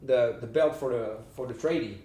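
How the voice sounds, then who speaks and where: A man's voice: medium pitch, moderate pace, dark tone. A man, an actor guest, giving earnest and emphatic advice in a casual interview chat. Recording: roomy sound from a distant mic.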